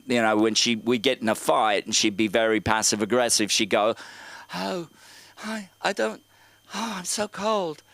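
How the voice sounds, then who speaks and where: A man hosting a comedy show, delivering dark jokes deadpan with halting phrasing, speaking into a handheld mic on a club stage. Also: lowish voice, smooth, no echo.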